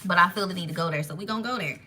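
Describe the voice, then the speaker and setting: Racing along in a fairly low voice, this woman conducts a live spiritual tarot reading with bright force and feeling. Her talk wanders animatedly, often halting as new ideas strike, and there's slight noise in the background.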